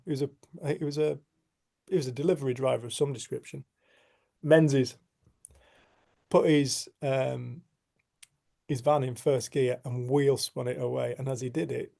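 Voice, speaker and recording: A middle-aged man, gravelly and mellow, recounting a story casually to a group over a video call. He talks in a lively way, laughs often and slips into the voices of the people in his tale. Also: mid-range voice. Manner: animated, acts out quotes, laughs often. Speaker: group facilitator.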